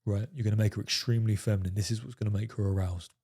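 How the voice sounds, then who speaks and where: A man's voice: on the low side, fairly even intonation, rapid-fire, mellow, husky. A man talking straight to his viewers as a dating coach, emphatic and profane, peppering his talk with "fellas" and "right?". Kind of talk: coaching monologue to camera.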